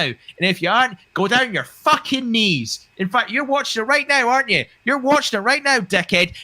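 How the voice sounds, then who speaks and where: A man's voice: high-pitched, bright, forceful tone, no room sound. A man co-hosting a wrestling podcast, talking with a heated, profane, ranting delivery. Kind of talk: casual podcast chat.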